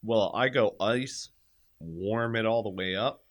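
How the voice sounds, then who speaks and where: A man's voice: lowish voice, takes it slowly. A man co-hosting a casual chat, laughing and cursing as he talks through the pain of a hurt back. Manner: profane, laughing storyteller. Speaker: podcast co-host.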